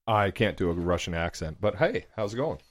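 A man's voice: sits low, expressive, a little fast. A man guesting on a podcast in casual chat, dry and joking.

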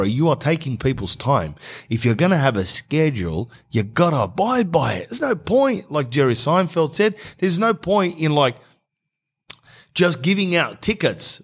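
Man, forties, blunt comic storyteller, animated pitch. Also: husky. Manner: blunt, rambling, sarcastic.

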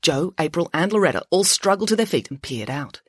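Lively woman reading a children's story. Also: lowish voice, fairly quick, husky, no room sound, studio quality. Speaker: author reading her children's book. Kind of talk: storybook narration with character voices.

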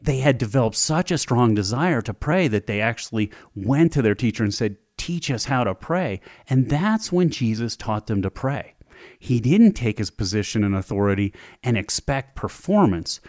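A male podcast host giving a faith-based talk, retelling a story in a lively storytelling manner. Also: mid-range voice, moderate pace, no room sound, studio quality. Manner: animated storyteller, vivid retelling.

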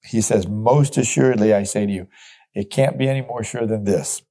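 Middle-aged pastor guy teaching bible verses, earnest, kinda low mellow voice. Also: normal speed. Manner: earnest, emphatic, reads scripture aloud then explains.

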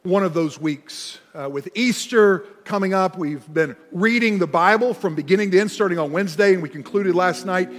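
A man preaching a sermon as pastor, telling stories and slowing to press hard on key words. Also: high-pitched. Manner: storytelling, slows and pushes hard on key words. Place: church sanctuary. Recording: long hall reverb with soft music.

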